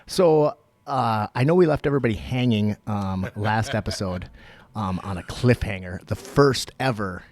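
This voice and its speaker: A man co-hosting a podcast, telling stories in casual, profane, animated chat. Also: fairly low pitch, moderate pace. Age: young adult. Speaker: podcast co-host.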